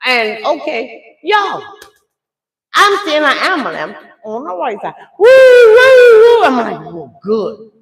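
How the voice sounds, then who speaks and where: Older woman, high animated voice, dramatic storytelling. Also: slow pace, reverberant. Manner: dramatic, chatty, addresses viewers as y'all. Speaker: live streamer telling a story.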